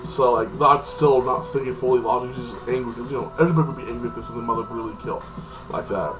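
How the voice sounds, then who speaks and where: A man's voice: mid-range voice, quick pace, music in the background, rough recording. Rambling man recapping a TV episode. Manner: loose, repetitive, heavy on "like this" fillers. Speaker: TV episode reviewer.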